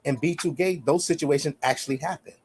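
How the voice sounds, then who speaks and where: Fast and a little high-pitched, this man's husky, darkish voice drives his side of a heated casual podcast debate. As co-host he presses each point emphatically, repeating himself and asking "you see what I'm saying."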